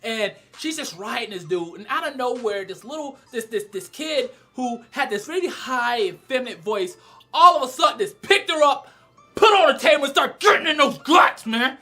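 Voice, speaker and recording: A man giving a casual, crude and animated spoken review, often breaking into loud exclamations. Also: very high-pitched, moderate pace, soft background music. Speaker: anime reviewer.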